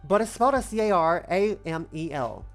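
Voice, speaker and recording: A woman's voice: on the low side, lively intonation, brisk, faint music behind. A woman in her twenties streaming a game, chatting casually, rambling and playfully repeating herself. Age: 20s. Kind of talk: casual let's-play chat.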